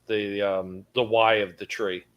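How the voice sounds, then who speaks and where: A man's voice: fairly low pitch, flat delivery, unhurried, clear, resonant tone, muffled recording. A man in a casual movie review chat, comparing details between films with some hesitation.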